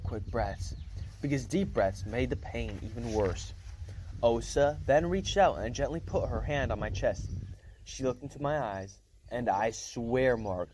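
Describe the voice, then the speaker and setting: A man's voice: mid-range voice, darkish tone, slight background noise. Man reading a novel aloud casually. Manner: casual first-person storytelling with small slips and restarts. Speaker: reader.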